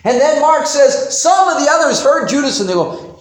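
A male pastor preaching a sermon in an animated way, acting out biblical characters in quoted voices. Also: very high-pitched, normal speed, few pauses, roomy sound.

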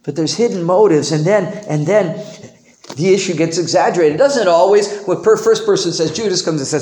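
A male pastor preaching a sermon in an animated way, acting out biblical characters in quoted voices. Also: fairly high pitch, quick pace, reverberant.

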